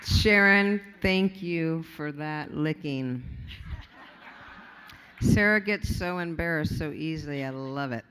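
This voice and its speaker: A woman's voice: low voice, slow pace, fairly bright tone, a little hiss or hum. A woman giving an off-the-cuff award acceptance speech, rambling and candid, joking and swearing casually, with many fillers and restarts, at a podium microphone in a large hotel ballroom. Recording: long ballroom reverb.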